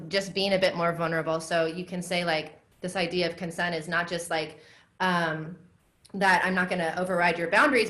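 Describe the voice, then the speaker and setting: Woman, lowish voice, podcast guest, relaxed and reflective, loose casual chat. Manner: relaxed and reflective, frequent likes and laughs. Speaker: guest, dominatrix and somatic educator.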